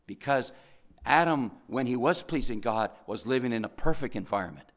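An older man preaching a sermon in an earnest, fervent way, slowing to stress key phrases. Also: medium pitch, animated.

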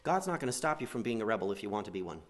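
A man preaching a sermon, swinging between loud emphatic lines and quiet asides, and acting out quoted prayers. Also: fairly low pitch, big pitch swings, very fast. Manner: acts out quoted prayers in a pleading voice.

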